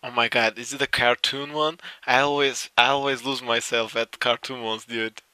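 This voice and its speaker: A man's voice: mid-range voice, fairly even intonation, normal speed, bright, forceful tone, clean tone, no room sound. A young man giving casual reaction commentary, swearing often and insisting he is not laughing while giggling. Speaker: streamer reacting to clips.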